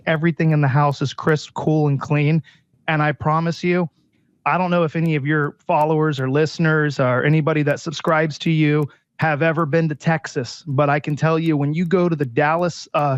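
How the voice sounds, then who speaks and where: A chatty man pitching his product with story after story, acting out what his customers said. His voice sits a little high and sounds dry and close, but dull and muffled, as if it came over a remote link. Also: no echo. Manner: chatty storyteller, repeats "he goes". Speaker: air purifier company president. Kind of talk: sales pitch with anecdotes.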